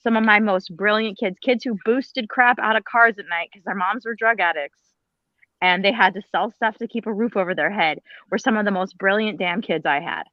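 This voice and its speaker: A woman's voice: mid-range voice, a little fast, dry recording, dull audio. A woman, a former teacher, speaking on a panel in an emphatic, pleading, blunt way with some mild swearing. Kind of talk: impassioned panel talk.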